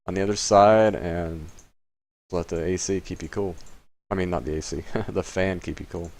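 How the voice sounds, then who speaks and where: A man from Florida hosting a casual poker channel, commentating on his hands in a rambling, hesitant way with bursts of excitement. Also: sits low. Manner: rambling and hesitant, with many fillers. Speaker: poker player and channel host. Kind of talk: casual commentary while playing online poker.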